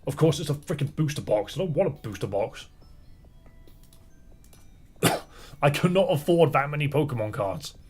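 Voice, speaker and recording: Husky-voiced man chatting through a game. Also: fairly high pitch, animated, moderate pace, pauses often, faint music behind. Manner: chatty, muttering asides to himself. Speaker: streamer playing a fangame. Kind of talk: casual gaming commentary and reading dialogue aloud.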